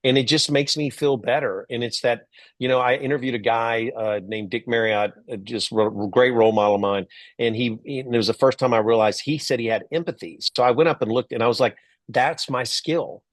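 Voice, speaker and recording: A middle-aged man from Texas telling stories as a guest in an interview, lively, acting out the voices of people he quotes. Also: mid-range voice, brisk, dry recording. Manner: animated storyteller, acts out quoted voices. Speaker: guest, entrepreneur and author. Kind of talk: storytelling interview.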